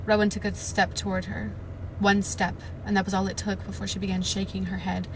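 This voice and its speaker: A woman on a live stream, reading a novel aloud and breaking into loud, panicked reactions and swearing, from inside a car. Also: mid-range voice, little pitch movement, fairly quick, noisy background.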